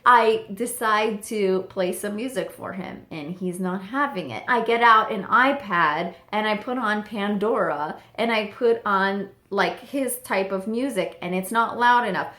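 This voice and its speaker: A young woman telling a story on her vlog in an animated way, quoting herself and her parrot. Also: mid-range voice. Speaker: parrot channel vlogger. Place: home room with birds. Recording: echoey room.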